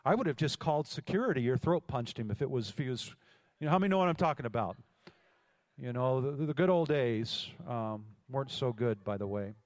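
A man's voice: mid-range voice, expressive, fairly quick, a little mellow. A man preaching a sermon as pastor, telling a story and calling out to the congregation for responses. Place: large church hall. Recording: long hall reverb.

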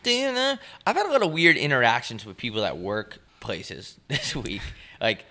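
A young man co-hosting a podcast tells a story in casual chat, speaking at normal speed with a lowish voice. He's animated and profane, acting out the voices of people he met.

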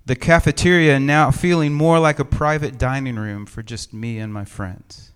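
A middle-aged man, a pastor, preaching a sermon in an empty church sanctuary, with measured, reflective storytelling and gentle humor. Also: mid-range voice, steady tone, smooth.

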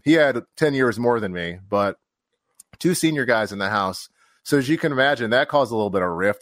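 A man's voice: on the low side, a bit bright, no room sound, clean studio sound. A man, a fire officer and podcast guest, telling a candid story in casual conversation and acting out the quotes, with casual swearing.

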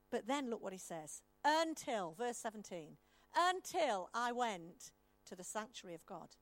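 A high-pitched woman preaching, reading scripture at length and breaking in to explain it. Her voice is close and dry, with no room sound around it. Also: big pitch swings, moderate pace, dry recording. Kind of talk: sermon.

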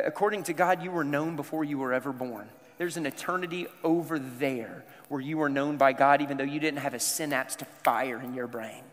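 A male pastor from the American South preaching conversationally and talking directly to his congregation. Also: fairly high pitch. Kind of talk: sermon. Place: large church sanctuary. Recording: long reverb of a church hall.

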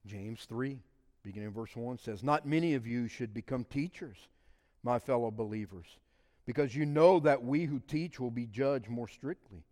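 A man preaching a sermon, swinging between shouted emphasis and hushed, quiet asides. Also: medium pitch, moderate pace, big-room sound. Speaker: pastor.

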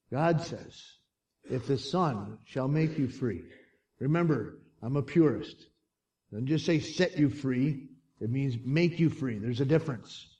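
A man preaching a sermon, telling the story dramatically and swinging from hushed lines to shouts. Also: medium pitch, distant mic, highs cut off.

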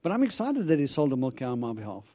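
Itinerant preacher, male, mellow tone, animated storyteller voicing his own quotes. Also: mid-range voice, fast. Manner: animated storyteller, acts out quotes, laughs often. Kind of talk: storytelling sermon.

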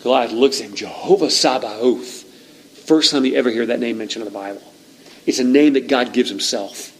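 A man preaching a sermon, retelling a scripture story in an animated, conversational way with frequent restarts. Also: mid-range voice, quick pace, a little hiss or hum, rough recording.

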